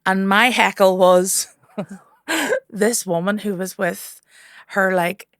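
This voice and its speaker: A woman, a comedian guest telling stories in lively casual chat and swearing freely. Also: mid-range voice, slow pace, dry recording, clean studio sound. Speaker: guest comedian and cabaret host.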